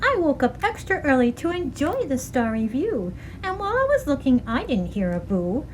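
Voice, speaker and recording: A woman doing a gentle cooing pigeon. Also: sits high, big pitch swings, normal speed, a little hiss or hum, poor audio. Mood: kindly.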